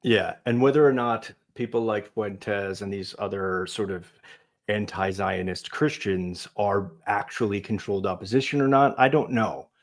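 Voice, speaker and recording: A man appearing as a guest on a talk show, arguing in an animated way and swinging between loud and soft. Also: lowish voice, normal speed. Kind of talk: casual talk show conversation.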